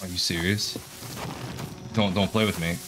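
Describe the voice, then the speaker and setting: A man commentating his own horror game play, jumpy and animated, talking to himself and repeating words. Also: low voice, measured pace, over music. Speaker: gaming streamer.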